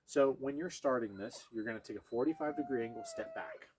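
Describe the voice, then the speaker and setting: A man's voice: mid-range voice, fast, background noise. A man teaching dog training, explaining each step to viewers while he works with a dog and breaks off now and then to praise or coax it. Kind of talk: hands-on training demonstration.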